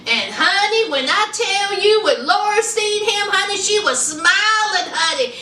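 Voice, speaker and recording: Sassy high-voiced woman reviewing a show. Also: animated, a little slow, sharp tone. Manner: sassy, chatty, calls viewers honey and child. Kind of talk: casual TV review chat. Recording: echoey room, mic at a distance.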